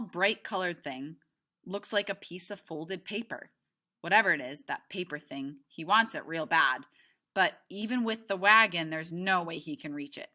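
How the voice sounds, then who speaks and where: A woman teacher reading a novel aloud to her class, expressive, with chatty asides to the students. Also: fairly low pitch.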